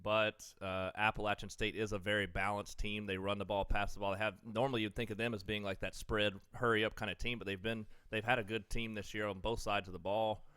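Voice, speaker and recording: Casting: male podcast co-host, lowish smooth voice, dry close sound, rambling chat. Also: level tone, brisk, few pauses, bright, forceful tone, dry recording. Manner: rambling, filler-heavy, eating while talking. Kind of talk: casual sports chat.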